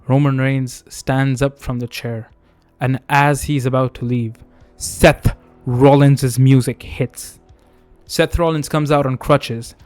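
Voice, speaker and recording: A man hosting a wrestling video, narrating a made-up storyline in a steady storytelling way. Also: mid-range voice, slow, no room sound, soft background music. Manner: steady storytelling, reads quotes in his own voice. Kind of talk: fantasy booking narration.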